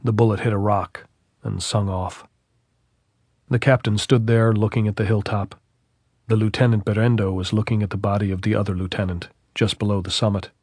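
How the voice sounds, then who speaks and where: A male audiobook narrator reads in a measured, steady way. His voice sits low with a husky grain. The recording is close and dry, with no room sound. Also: dry recording.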